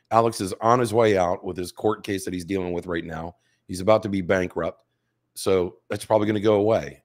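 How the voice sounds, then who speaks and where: A man in his fifties, a show host, gives emphatic direct-to-camera commentary with rhetorical questions to his viewers, his voice slightly hoarse. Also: low-pitched. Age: 50s.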